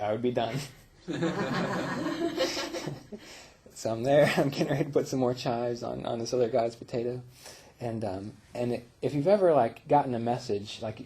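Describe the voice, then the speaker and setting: A man who teaches meditation, telling personal stories in a relaxed, reflective way, with fillers and small laughs. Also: mid-range voice, breathy edge. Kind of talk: casual spiritual talk.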